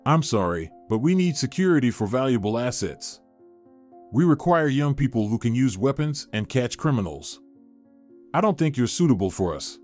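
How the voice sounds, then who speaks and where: A man's voice: medium pitch, big pitch swings, moderate pace, darkish tone, soft background music, close to an everyday voice. Suspicious, dismissive store boss, read by a man. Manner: curt, dismissive. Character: suspicious deep-voiced store manager.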